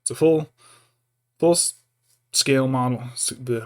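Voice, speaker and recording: A man's voice: mid-range voice, unhurried. A young man chatting casually on a live stream while painting miniatures, rambling and interrupting himself with jokes. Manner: rambling, self-interrupting, jokey; baby-talk to his pet between asides.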